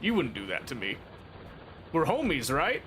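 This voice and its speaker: A man's voice: on the high side, huge pitch swings, moderate pace, fairly bright tone, slight background noise. A man streaming a game, chatting casually with his viewers in a playful, teasing and mock-dramatic way. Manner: rambling, talks to chat. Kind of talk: casual live-stream chat while gaming.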